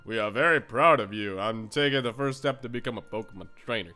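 A man voicing a stern, rambling father in a video game, in a low deadpan voice. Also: brisk, soft background music, lightly acted. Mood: lecturing.

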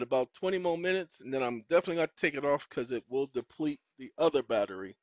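A man's voice: fairly high pitch, dry recording. A man hosting his own online show, chatting casually as he searches on a computer, scolding it aloud and spelling out words letter by letter. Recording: dull lo-fi dry recording.

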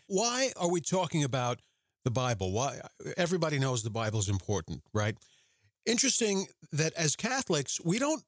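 A man's voice: a little high, no room sound. A man hosting his own religious podcast, talking earnestly and conversationally, posing rhetorical questions to listeners. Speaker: podcast host. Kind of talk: solo religious podcast talk.

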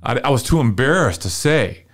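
A middle-aged man from Texas, a marketing consultant guest telling an animated, emotional story and acting out dialogue in a podcast interview. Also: mid-range voice, moderate pace. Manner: lively, emotional storyteller, often acts out dialogue.

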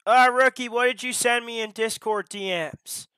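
A man live-streaming in a casual chat, exclaiming in a drawn-out, theatrical way, his voice strained and tired. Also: extremely high pitch, fairly even intonation, noisy background.

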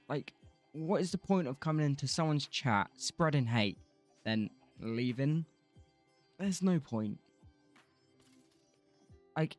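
A man's voice: mid-range voice, a little mellow, dry recording. A man streaming a building game, rambling casually, swearing freely and laughing often. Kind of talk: casual livestream commentary while gaming.

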